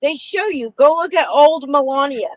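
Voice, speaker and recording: A woman's voice: sits high, moderate pace, dry recording, lo-fi sound. A woman co-hosting a casual political chat, talking emphatically and repeating herself for stress. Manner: emphatic, insistent, repeats phrases. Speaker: co-host.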